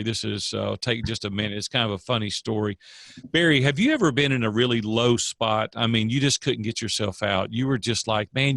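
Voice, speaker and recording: A man's voice: medium pitch, creaky, a bit bright, dry recording, studio quality. An older man, a coach and guest, telling stories in a casual interview with an earnest, preachy manner.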